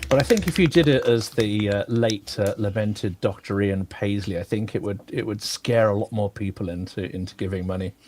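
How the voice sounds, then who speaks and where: A man's voice: lowish voice, normal speed, few pauses, crowd noise. A man organizing a fundraising livestream, chatting casually in a self-deprecating way and laughing easily. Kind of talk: casual chat. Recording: noisy stream audio.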